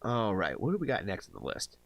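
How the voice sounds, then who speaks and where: A man's voice: on the low side, wildly swooping pitch, a little fast, gravelly, noisy background. A man from the United States hosting a casual livestream, chatty, laughing often and tripping over hard names. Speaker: livestream reaction host.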